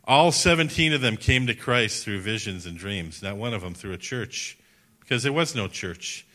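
A man giving a sermon as a missionary speaker, telling stories in an animated, chatty way. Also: fairly low pitch, moderate pace. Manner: animated, chatty, laughs at his own stories. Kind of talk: sermon storytelling.

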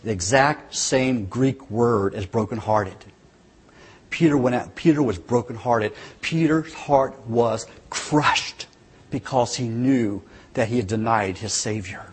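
A man's voice: mid-range voice, slightly rough. A man preaching a sermon, telling the story earnestly and dramatically, with changing emphasis.

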